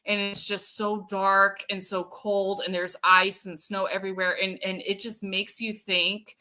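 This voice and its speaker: Woman host, casual live chat, unhurried delivery, lots of fillers, answering viewer comments. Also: mid-range voice, level tone, sharp tone. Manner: chatty, thinking aloud with many fillers. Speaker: show host.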